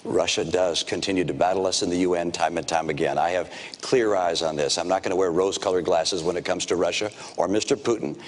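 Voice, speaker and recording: A man answering in a political debate, measured and emphatic as he lists his points. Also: low voice, fairly even intonation, big-room sound.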